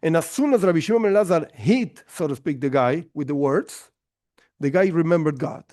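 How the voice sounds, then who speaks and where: A rabbi telling stories in a class with an animated, lively delivery. His voice sits a little high for a man. The recording is dry and close, with no room echo. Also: fairly quick. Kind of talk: storytelling lesson.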